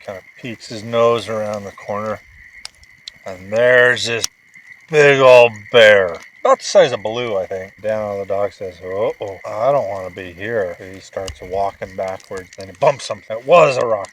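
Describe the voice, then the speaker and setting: A man telling his child a playful, animated bedtime story and chatting through a camping vlog outdoors at a lakeside campsite. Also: on the low side, moderate pace, slight background noise, poor audio. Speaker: father and vlog host.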